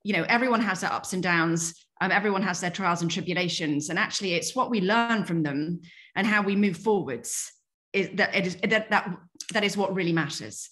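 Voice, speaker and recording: A woman in her forties with a light Yorkshire accent talks as an interview guest. Her voice sits a little low, and she speaks in an earnest, measured way. She often pauses on ums and restarts her sentences. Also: fairly bright tone. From Yorkshire, England. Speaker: guest executive. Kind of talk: reflective interview talk.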